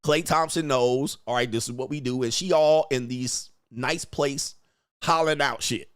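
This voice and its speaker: A man hosts his own online show, delivering blunt, mocking commentary as he reacts to footage. His voice sits at a middling pitch and is recorded dry and close, with no room around it. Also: normal speed, clear, resonant tone, no room sound. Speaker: host. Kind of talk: casual commentary stream.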